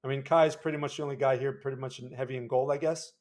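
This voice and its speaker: A man hosting a livestream of market chart analysis in a casual way, often tagging his sentences with a quick question to his viewers. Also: medium pitch, steady tone, a little mellow. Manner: casual, frequent tag questions.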